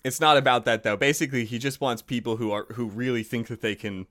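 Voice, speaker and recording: A man's voice: mid-range voice, fairly even intonation, fast, a bit bright. A man co-hosting a podcast, reading a folk tale aloud and breaking off for dry, wry asides. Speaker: podcast co-host, story reader.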